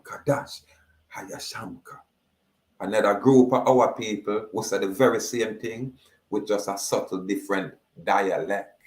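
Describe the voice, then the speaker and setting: A man with a Jamaican accent holds forth in an emphatic monologue, stretching his words as he declaims. His voice sits somewhat low, and he talks very slowly. The recording has a strong room echo. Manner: slow, drawn-out, declaiming. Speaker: speaker.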